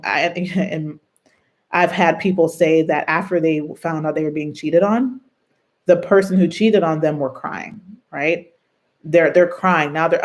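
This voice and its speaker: An earnest self-help host speaks in a mid-range voice that is neither high nor low. The delivery is reflective and conversational, drawing on lived experience and often turning to the listener with a quick check-in. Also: darkish tone. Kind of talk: personal advice talk on abuse and trauma bonds.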